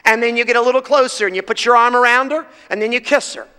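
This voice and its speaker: A man's voice: very high-pitched, fast, sharp tone, clean tone. A man preaching a sermon to a congregation, fervent and emphatic, his voice rising in bursts as he presses his points. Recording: reverberant hall sound.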